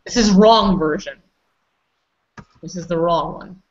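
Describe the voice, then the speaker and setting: Over muffled, lo-fi call audio, a woman with a lowish voice teaches pronunciation at a measured pace. She stays patient while correcting and prompting her students in online class instruction.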